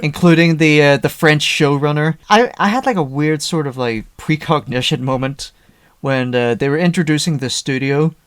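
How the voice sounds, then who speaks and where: A man co-hosting a casual podcast chat, animated, acting out his own reactions. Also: on the high side, moderate pace, clear, resonant tone, dry recording, studio quality. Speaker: podcast co-host.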